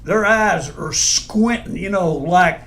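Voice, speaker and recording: A man's voice: high voice, slow, a bit bright, slight background noise. A man telling funny stories in casual chat, laughing through his punchlines. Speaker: radio personality guest.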